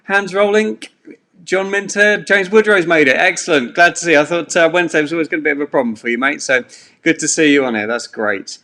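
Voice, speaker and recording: An English man with a fairly high, pushed, bright voice talks fast while hosting a live-streamed pub quiz from his bedroom at home. His style is chatty and rambling, packed with filler words.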